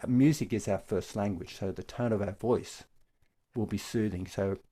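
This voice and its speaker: Older man giving a gentle dharma talk. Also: on the low side. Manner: gentle, unhurried explaining. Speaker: meditation teacher. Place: online talk from home.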